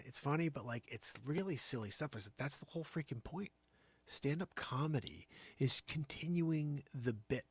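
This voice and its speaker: A man's voice: fairly high pitch, dry recording. A man hosting a live show, rambling through an improvised comedy monologue and dropping into whispered asides. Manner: rambling, animated, riffing on a running bit; drops to breathy whispers between asides. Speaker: host.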